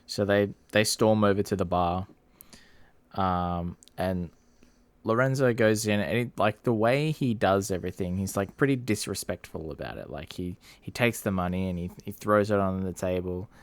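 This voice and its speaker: A man's voice: sits low, normal speed, no echo. A man co-hosting a film review podcast, recapping the plot in an easygoing way and glancing at his notes. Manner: laid-back, with fillers and small restarts, checking his notes. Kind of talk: casual film recap chat.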